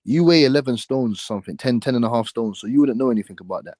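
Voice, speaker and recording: A man with a mellow, darker voice arguing in a casual chat, dry and close to the mic. He mocks his opponent and cuts over him again and again. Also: mid-range voice, quick pace, no room sound. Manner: mocking, argumentative, talks over others. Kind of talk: heated casual debate.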